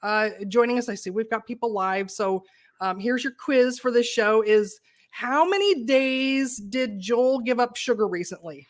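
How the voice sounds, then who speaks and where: A chatty middle-aged woman from Oregon hosts a relaxed live interview show. Her voice sits a little high, and her talk runs in loose, friendly sentences full of restarts. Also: unhurried. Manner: chatty, laughs often, frequent fillers and restarts. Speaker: podcast host. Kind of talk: casual live interview chat.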